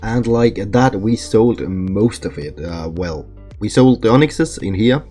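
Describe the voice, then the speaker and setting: A man giving casual, excitable gameplay commentary, swearing often and complaining about his luck. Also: on the low side, measured pace, breathy edge. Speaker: gaming channel host. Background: faint background music.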